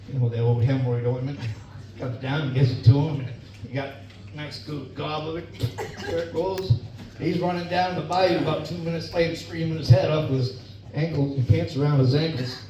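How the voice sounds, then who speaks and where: A middle-aged man performing a stand-up comedy set on stage, telling folksy stories and laughing at his own jokes. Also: mid-range voice. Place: club or bar stage. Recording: echoey room, distant mic, dull, noisy.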